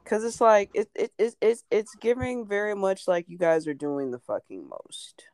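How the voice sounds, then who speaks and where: A woman's voice: medium pitch, animated, normal speed, darkish tone, no room sound. A young woman, chatting casually, brash, emphatic and swearing freely. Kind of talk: casual chat.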